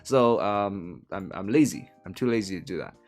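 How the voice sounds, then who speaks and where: A man from Hong Kong chats his way through a live translation stream, rambling and correcting himself as he goes. His pitch swings in a lively, animated way, and he chuckles often. Soft guitar music plays faintly behind him. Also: moderate pace. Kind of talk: casual live-stream chat.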